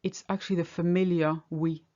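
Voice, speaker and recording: A woman's voice: fairly low pitch, little pitch movement, fairly quick, dark tone, lo-fi sound. A woman teaching a language lesson, patiently explaining each example step by step. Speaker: French teacher.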